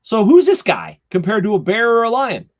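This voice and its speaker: A cocky young shepherd boy talks big and eager, all slang and swagger, as a man puts him on while retelling a story. The voice sits far higher than the teller's own, bouncing with excitement, on slightly muffled audio. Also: normal speed. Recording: slightly dull lo-fi podcast audio.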